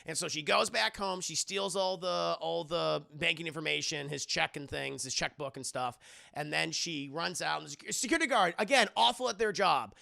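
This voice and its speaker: Gravelly bright-voiced guy ranting thru a movie plot, swears a lot, dry close mic. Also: a little high, normal speed. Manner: rambling, profane, sarcastic. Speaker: movie reviewer and streamer. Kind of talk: casual comedic movie recap. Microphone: close streaming mic.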